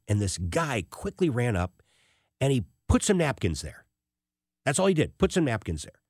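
A man hosting a radio talk show, telling a story in an emphatic, animated way. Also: mid-range voice, no echo, clean studio sound.

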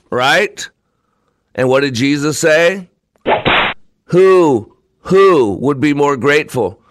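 A man's voice: fairly high pitch, lively intonation, slow pace, pauses often. Emphatic preacherly man hosting a show. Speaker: show host. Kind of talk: preaching talk-show monologue.

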